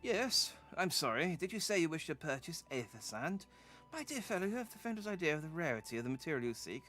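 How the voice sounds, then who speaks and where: A man voicing a fussy, pompous elderly male parson in a video game, speaking in a long-winded, high, raised voice. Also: very animated, quick pace, a bit bright. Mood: haughty.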